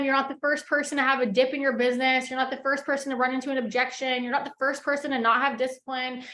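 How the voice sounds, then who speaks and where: A woman's voice: sits high, a bit bright, echoey room. A young woman giving a fired-up, casual motivational talk to her sales team, full of fillers like "like" and "you guys". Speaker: network marketing team leader.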